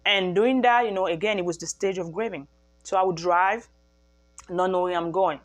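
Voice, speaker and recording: A woman's voice: on the low side, normal speed. Earnest woman sharing a faith-based testimony. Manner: earnest, repeats phrases for emphasis, frequent restarts. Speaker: mother sharing a faith-based healing message. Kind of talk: personal testimony to camera.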